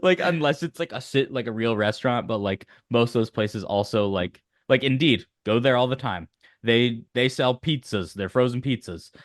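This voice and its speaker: A man's voice: medium pitch, animated, normal speed, dry recording. Chatty man, dry close sound. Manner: chatty, full of "like" fillers. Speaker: podcast co-host. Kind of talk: casual chat.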